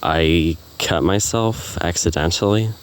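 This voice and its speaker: A young drow girl, frightened yet deadly, read by a man. The voice sits very deep and stays plain, with almost no change from the reader's own. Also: measured pace, a little hiss or hum. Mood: guarded.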